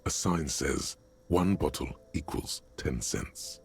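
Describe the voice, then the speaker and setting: A grave video game narrator with a voice at the very bottom of the male range, rough and gravelly. He lays out each line slowly and dryly, with no hurry at all. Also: a little hiss or hum, full character voice. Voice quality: gravelly, very deep. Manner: slow, measured narration.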